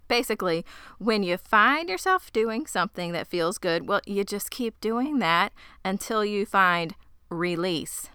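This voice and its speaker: Co-hosting a casual podcast, a woman recaps a TV episode, animatedly acting out the characters' lines in quick voices. Her mid-range voice is smooth, captured in a dry, clean studio recording.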